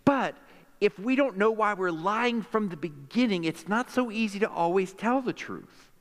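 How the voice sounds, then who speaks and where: Animated male preacher in a reverberant hall. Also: high voice. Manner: animated, jokey preaching with quick asides to the crowd. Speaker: pastor. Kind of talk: sermon.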